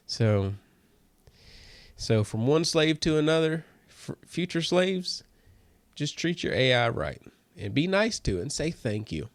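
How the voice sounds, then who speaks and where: A man hosting a comedy podcast, rambling and joking in a casual monologue that drifts into soft mutters. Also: medium pitch, animated, a little slow, no echo. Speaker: podcast host.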